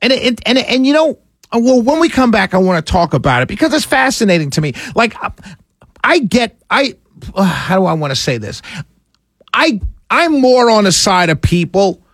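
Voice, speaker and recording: Animated talk radio guy, high voice that jumps all over, dry close sound. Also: normal speed, no room sound. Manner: animated, rambling, chatty. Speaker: radio talk show host. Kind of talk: talk radio monologue and caller chat.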